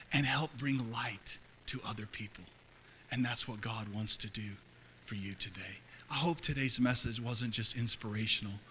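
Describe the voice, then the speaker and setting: A middle-aged male pastor preaching a sermon to a congregation, dropping to hushed confiding and rising to loud fervor. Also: medium pitch, a little hiss or hum. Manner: swings between hushed, intimate confiding and loud, fervent preaching. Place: church hall before a congregation.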